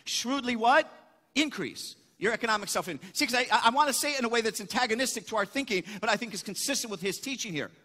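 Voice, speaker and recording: A man's voice: extremely high pitch, animated, quick pace, pushed and bright. A man preaching a sermon, emphatic, asking questions and answering them himself. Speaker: pastor. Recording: echoey hall.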